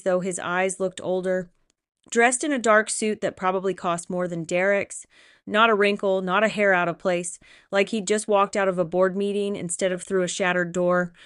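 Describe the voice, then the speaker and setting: A woman narrating a romance audiobook in the first person, reading in a steady, expressive storytelling way. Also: medium pitch, clear, resonant tone, dry recording, clean studio sound.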